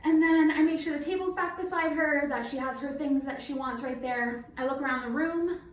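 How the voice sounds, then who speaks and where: A high-voiced woman, a night nurse, talks a little out of breath through a face mask, teaching a nursing simulation in a chatty, informal way full of fillers. She sounds distant from the mic, in a roomy space with some echo and a faint hiss behind her. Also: brisk.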